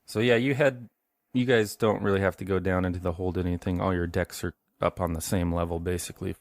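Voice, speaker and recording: A man with a low voice narrates a tabletop horror game as game master, relaxed and chatty. The recording is dry, close and free of room sound. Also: fast talker, dry recording.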